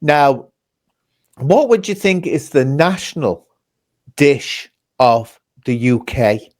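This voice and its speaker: A man's voice: mid-range voice, expressive, slow pace. A man hosting a casual interview, chatty and teasing, laughing as he talks. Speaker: host.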